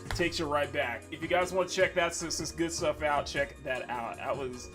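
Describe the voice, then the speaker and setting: A man's voice: on the high side, normal speed. A young man hosting a livestream in casual, rambling chat with many fillers and restarts. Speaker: streamer host. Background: faint menu music.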